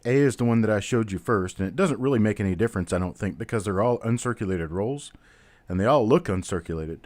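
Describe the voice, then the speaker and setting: A man's voice: lowish voice, animated, quick pace, darkish tone, dry recording. A man hosting a live-stream coin auction, chatty, calling out bidders and prices one after another. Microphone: webcam on a stand.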